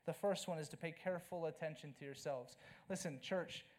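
A man in his thirties preaches to his congregation in a high voice. He talks casually, then turns emphatic, dropping to a hush and rising to loud bursts. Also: a little fast. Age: 30s. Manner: conversational and emphatic, swinging from hushed to loud. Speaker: pastor. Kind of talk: sermon.

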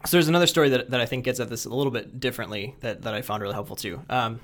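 A man in a reflective conversation, speaking at a medium pitch. He talks thoughtfully, pausing and restarting as he works through ideas, then slips into storytelling mode. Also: a bit bright. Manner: thoughtful, with many fillers and restarts.

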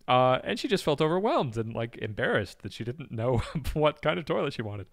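A man's voice: mid-range voice, expressive, fairly quick, gravelly, hardly any pauses, no room sound, studio quality. A man hosting a podcast in casual chat, retelling a story with frequent laughs and fillers. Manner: chatty, laughs often, many fillers. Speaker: podcast host.

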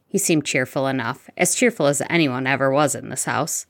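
Low-voiced woman reading a story. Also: expressive, moderate pace, hardly any pauses, a bit bright, dry recording, clean studio sound. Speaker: narrator. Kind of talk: fan fiction audiobook reading.

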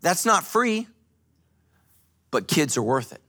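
A male pastor giving a sermon at a church service, joking and telling animated stories. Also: fairly high pitch, slow pace. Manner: animated, joking, storytelling preacher.

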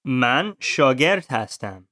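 A man's voice: medium pitch, very animated, fast, pushed and bright. A male student in a language lesson echoes each word after his teacher. He repeats them carefully, and the recording is dry and close.

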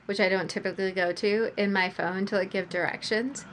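A woman's voice: medium pitch, steady tone, brisk. Rambling self-mocking woman, faint hiss. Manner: rambling, self-deprecating, with fillers and quoted asides. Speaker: birth worker, podcast co-host. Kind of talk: casual chat.

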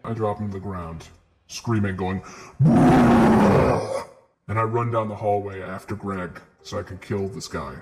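A man's voice: low voice, fairly even intonation, normal speed, loud music behind the voice. A man playing a tabletop game, brash and swearing freely. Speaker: player.

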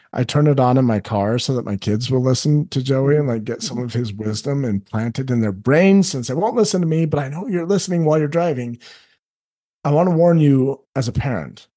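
A middle-aged man who works as a life coach, talking earnestly on a podcast and often acting out other people in quick asides. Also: medium pitch, mellow. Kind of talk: candid podcast conversation.

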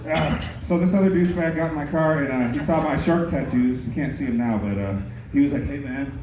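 A man doing a stand-up set at an open mic, delivering deadpan one-liners and laughing at his own jokes. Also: a little high, a little fast. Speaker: stand-up comic. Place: comedy club. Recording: very echoey club, noisy room. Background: audience laughter.

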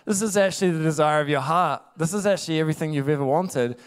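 A man's voice: a little high, quick pace, smooth. A man preaching a casual, conversational sermon, laughing often and tossing in rhetorical asides.

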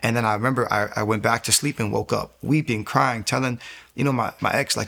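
A man's voice: medium pitch, fairly even intonation, fast, creaky, a bit bright. A young man in his twenties candidly telling his personal faith testimony in an interview, restarting his sentences often as he tells his story. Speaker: testimony guest.

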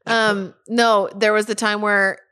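Female podcast co-host, bright and chatty, laughs easily. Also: medium pitch, little pitch movement, slow pace, clear, resonant tone, dry recording, studio quality. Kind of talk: casual chat.

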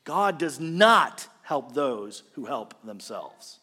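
A male pastor preaching a sermon, animated, swinging between loud emphasis and quiet, earnest passages. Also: mid-range voice, takes it slowly, few pauses, slightly rough, big-room sound.

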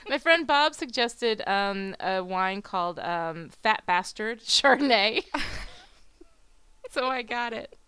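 A woman's voice: mid-range voice, expressive, slow, pushed and bright, smooth, no echo. A tired woman co-hosting a podcast, rambling and giggling in casual chat. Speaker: podcast co-host.

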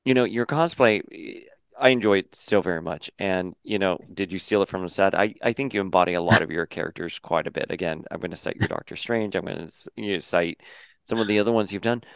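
A man hosting a podcast, interviewing a guest in casual, animated chat and swearing freely. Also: sits low, fast, gravelly, clear, resonant tone, no echo. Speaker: podcast host.

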